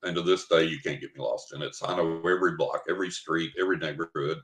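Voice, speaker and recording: A man's voice: extremely low pitch, fairly even intonation, fast talker. An older man from West Texas, a guest in an interview, telling a story vividly and dramatically. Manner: vivid, dramatic storyteller who acts out his own thoughts. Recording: roomy, echoey recording.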